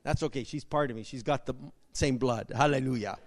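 A man preaching a sermon, telling stories with emphasis and bursting into shouts. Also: medium pitch, a little fast.

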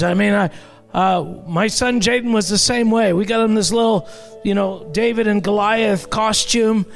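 A man's voice: sits high, vocal fry. A man preaching a sermon in a conversational way, with joking asides to the congregation. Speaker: pastor.

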